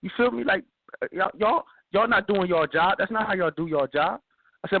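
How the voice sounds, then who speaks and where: Animated man telling a story on tinny radio. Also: sits high, fairly quick, vocal fry, no room sound. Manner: animated, repeats himself, acts out the cops' shouting. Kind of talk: casual storytelling. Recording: dry tinny phone-like sound.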